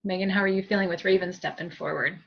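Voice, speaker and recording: A woman's voice: lowish voice, fairly even intonation, fast talker, vocal fry, highs cut off. A woman giving a spiritual group reading as a medium, chatty and giggly, with many fillers and thanks.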